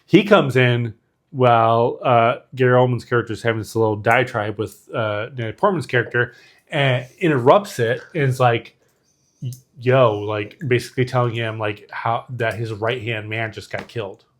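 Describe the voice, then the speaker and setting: A man's voice: mid-range voice, normal speed. A man co-hosting a podcast, retelling a film scene in casual chat with lots of fillers and quoted lines. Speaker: podcast co-host. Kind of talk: casual movie recap chat.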